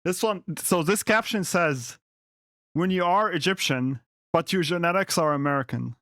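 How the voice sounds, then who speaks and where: A man's voice: sits high, normal speed, fairly bright tone. A man commenting live on a stream, reacting to clips with amused exasperation and stammered restarts.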